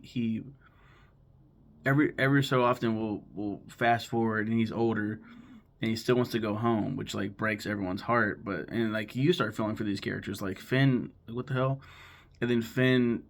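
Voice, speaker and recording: Gravelly-voiced guy rambling about cartoons. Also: lowish voice, fairly even intonation. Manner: swears freely, rambles, acts out characters' lines in quick voices. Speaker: YouTuber ranking favorite cartoons. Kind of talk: casual rambling talk to camera.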